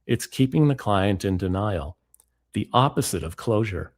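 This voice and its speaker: A man giving a lecture as author and speaker, reading book excerpts in a measured, deliberate way. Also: lowish voice, expressive.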